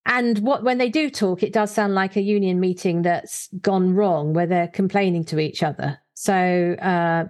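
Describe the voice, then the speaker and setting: A woman's voice: fairly low pitch, normal speed, few pauses, a little mellow. A woman in casual discussion, thinking aloud with frequent fillers and reading short book passages aloud. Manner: thoughtful, hesitant, many fillers, reads book passages aloud.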